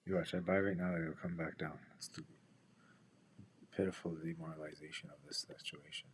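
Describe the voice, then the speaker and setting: Low-voiced man muttering over trades. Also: fairly even intonation, a little fast, a little hiss or hum. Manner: rambling, profane, muttering asides to himself; drops into whispers. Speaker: day trader. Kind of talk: casual trading commentary with personal stories.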